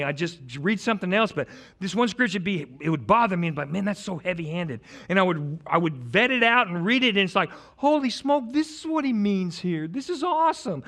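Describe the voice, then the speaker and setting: High-voiced, animated joking pastor. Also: male voice. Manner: joking, animated, rambling with many restarts. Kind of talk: sermon.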